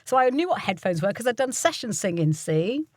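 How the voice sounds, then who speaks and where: A woman's voice: mid-range voice, sing-song, brisk, no echo, studio quality. An older woman from the UK, a voiceover artist and coach, telling stories casually in an interview. She acts out the people she quotes and laughs often.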